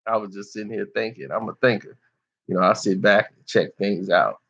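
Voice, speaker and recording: A man's voice: lowish voice, fairly even intonation, a little fast, creaky, a bit bright, dull audio. A man telling a story in casual street slang, loose and chatty, often tossing in "you know".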